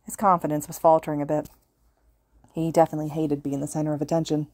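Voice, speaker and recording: Woman reading a fan fiction audiobook, lowish calm voice, dry close read. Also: quick pace, no room sound. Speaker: podfic reader.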